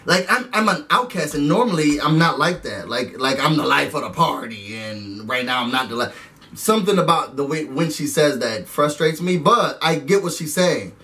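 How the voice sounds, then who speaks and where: High-voiced man recapping with slangy energy. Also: normal speed, recorded from a distance. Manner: animated, slangy, laughs often. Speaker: reality show recap host. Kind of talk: casual recap and review.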